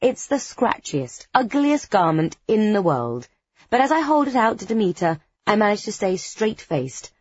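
A woman's voice: medium pitch, sing-song, moderate pace, darkish tone, slightly rough, no room sound, dull audio. A woman narrating a first-person story in a wry, conspiratorial tone with dry understatement. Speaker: audiobook narrator.

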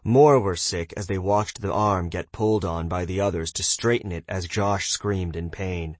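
A man with a fairly low voice reads a fantasy story aloud, steady in the narration and bolder when he voices the characters. The sound is dry and close, with no room around it. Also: moderate pace, few pauses, no room sound. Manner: reads narration evenly, voices characters with shouts and raised pitch. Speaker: audiobook narrator.

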